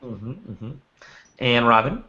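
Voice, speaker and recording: A man hosts a casual podcast with a bright, forceful voice, rambling through his stories with frequent restarts. The audio is dull and lo-fi. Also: mid-range voice, lively intonation, takes it slowly. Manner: rambling storyteller with many restarts. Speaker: podcast host.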